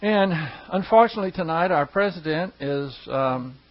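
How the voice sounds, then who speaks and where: A man's voice: fairly high pitch, expressive, normal speed. A man, a pastor telling stories to his congregation in a rambling, folksy way with chuckling asides. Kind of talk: casual storytelling to a congregation. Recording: dull lo-fi recording.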